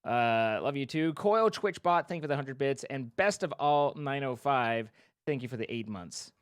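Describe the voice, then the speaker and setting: A man's voice: medium pitch, animated, moderate pace, smooth, no echo, clean studio sound. A man streaming live, casually thanking viewers by name and making playful joking asides. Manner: reads out donor names, playful joking asides.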